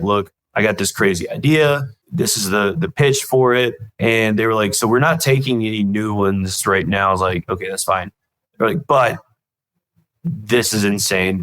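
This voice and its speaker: Male guest, low voice, animated anecdotes, dry booth sound. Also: dry recording, poor audio. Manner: rambling, self-deprecating, animated anecdotes. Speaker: guest comedian and show creator. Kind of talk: casual interview storytelling.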